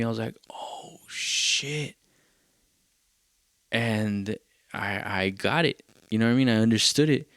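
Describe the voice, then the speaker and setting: A young man hosting a podcast, telling a rambling story in casual, profane talk and acting out what others said in quick bursts. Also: lowish voice, gravelly, no room sound, studio quality. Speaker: podcast host.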